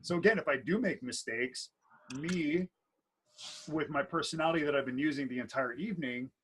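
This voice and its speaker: Slightly high and fairly bright, the voice belongs to a thirty-something man who works as a wedding DJ and MC. Talking at a normal pace on a casual podcast he co-hosts, he rambles through stories with playful energy and frequent restarts, and the low-quality audio carries a little hiss or hum.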